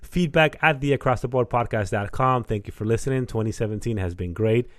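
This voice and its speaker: A man's voice: mid-range voice, a little fast, dry recording. Dry-sounding young man co-hosting a podcast. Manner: loose and rambling, repeats himself. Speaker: podcast co-host. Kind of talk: casual podcast chat.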